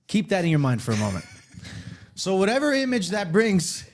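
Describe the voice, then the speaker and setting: A lively man tells a story on a casual podcast. His voice sits a little high and swings widely in pitch as he acts out the other people's lines. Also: moderate pace. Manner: animated, acts out quoted voices. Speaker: podcast co-host.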